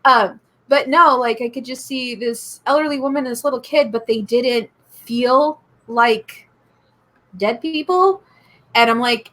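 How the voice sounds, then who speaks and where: A woman's voice: on the high side, unhurried, pushed and bright. A woman in casual chat, talking in a chatty, giggly way full of fillers. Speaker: psychic reader, co-host.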